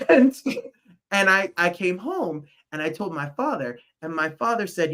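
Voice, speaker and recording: A man from New Jersey hosts a casual talk show, his voice bright and forward. He talks in a warm rush, circling back on himself as he goes. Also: high-pitched, very animated, measured pace. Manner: effusive, rambling. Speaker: host. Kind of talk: casual chat.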